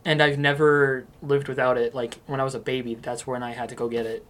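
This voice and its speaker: Young male co-host, mid pitch, loose rambling chatter full of fillers. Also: little pitch movement, a little fast, a bit bright. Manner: rambling, filler-heavy, laughs easily. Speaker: podcast co-host. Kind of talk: casual chat.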